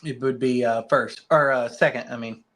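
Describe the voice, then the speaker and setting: Quiet, hesitant male student. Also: mid-range voice, fairly even intonation, moderate pace, a little hiss or hum. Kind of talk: answering questions.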